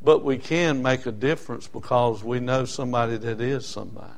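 A middle-aged man preaching a sermon. He tells homespun stories, often stops on "uh, uh" fillers, and builds up to loud emphasis. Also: mid-range voice, fairly even intonation, fairly quick.

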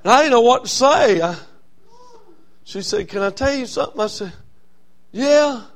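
A man preaching a sermon as a Baptist pastor, telling a story that swings from quiet and low to loud and raised. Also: animated, normal speed.

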